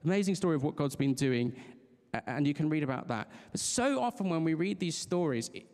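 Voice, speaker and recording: A man's voice: fairly high pitch, expressive, brisk, a little mellow. Earnest preacher man in a reverberant hall. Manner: conversational, earnest, with frequent restarts and light laughs. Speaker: pastor. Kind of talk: sermon. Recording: long reverb of a large hall.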